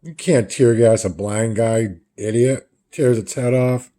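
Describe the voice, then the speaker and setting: A man's voice: medium pitch, a little slow, dark tone. A man casually retelling the panels of a comic book in a loose, rambling way, as a reviewer.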